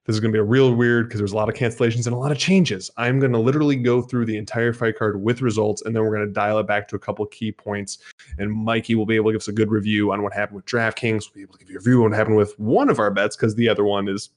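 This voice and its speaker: A man's voice: on the low side, level tone, racing. A man hosting a live sports betting podcast, talking in a chatty, rambling way as he runs through plugs and fight results. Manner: chatty, rambling promo talk. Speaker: podcast host.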